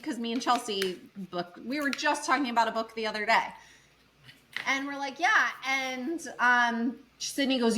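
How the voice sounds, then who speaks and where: A woman's voice: sits high, moderate pace, rough recording. A woman co-hosting a podcast, chatting casually and acting out other people's lines as she tells a story. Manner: animated storyteller acting out quotes. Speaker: podcast co-host. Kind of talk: casual chat.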